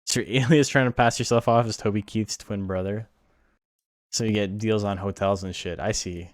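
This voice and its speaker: A man's voice: lowish voice, steady tone, normal speed, no room sound, studio quality. A man hosting a game tournament stream, talking casually in a rambling, crude way with lots of fillers. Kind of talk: casual livestream commentary.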